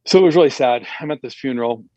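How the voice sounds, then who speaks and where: A man telling a personal story in a casual, animated way, acting out the dialogue with raised voices. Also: medium pitch, racing, no echo, dull audio. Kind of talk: casual anecdote.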